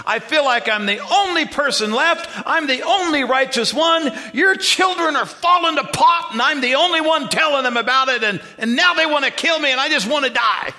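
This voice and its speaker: A man voicing a despairing male prophet who whines in self-pity, in a high complaining wail. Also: animated, normal speed, hardly any pauses, bright, forceful tone, full character voice. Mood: whining.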